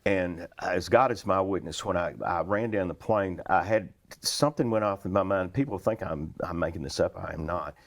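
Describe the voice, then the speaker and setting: A man's voice: low-pitched, moderate pace, hardly any pauses. A man in his sixties with a Western Kentucky accent, telling folksy stories as an interview guest and chuckling through them. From Western Kentucky, USA. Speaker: interview guest, retired flight attendant. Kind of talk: anecdotal storytelling.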